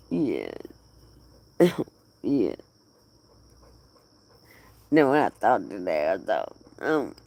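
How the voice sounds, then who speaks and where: A man's voice: low-pitched, gravelly, a little mellow, full character voice. An actor playing a grieving man who rambles tearfully and half laughs as he dotes on his dog. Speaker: dog owner. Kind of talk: emotional monologue.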